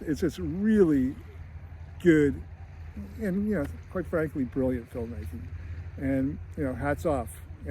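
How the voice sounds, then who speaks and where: A man who hosts a screenwriting channel, recapping a movie in an animated, casual way. He laughs often and acts out lines as he goes. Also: mid-range voice, slight background noise. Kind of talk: casual film recap and commentary.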